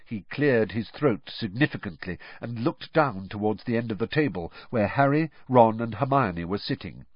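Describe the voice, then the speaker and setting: An expressive male storybook narrator with a husky voice in a dull, muffled recording. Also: lowish voice, moderate pace, hardly any pauses, no room sound. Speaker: audiobook narrator. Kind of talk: scripted narration.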